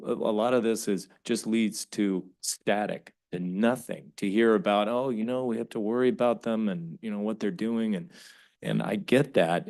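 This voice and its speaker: Californian guy at a council meeting, lowish voice, pushes his point hard, keeps restarting sentences. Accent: Californian English. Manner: forceful, emphatic, frequent restarts. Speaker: city council member chairing the meeting.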